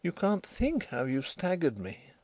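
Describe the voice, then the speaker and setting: A man's voice: on the high side, huge pitch swings, unhurried, darkish tone, no room sound, pitched above the performer's own voice, heavily acted. A man doing a timid, dazed young woman. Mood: humble. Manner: timid, protesting, whimpering.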